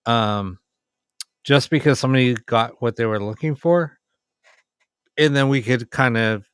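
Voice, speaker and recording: A man's voice: medium pitch, unhurried, long pauses, smooth, no echo, clean studio sound. Tired man hosting a late-night stream. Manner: hesitant, many ums, tired and yawning. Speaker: ghost box livestream host. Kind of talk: casual late-night livestream chat.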